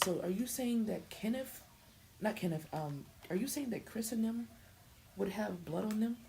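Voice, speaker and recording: A woman's voice: medium pitch, lively intonation, normal speed, gravelly, mellow, slight background noise, poor audio. A young woman streaming a game, chatting casually with her viewers and stammering through her thoughts. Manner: stammering, talks to chat. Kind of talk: casual live gameplay commentary.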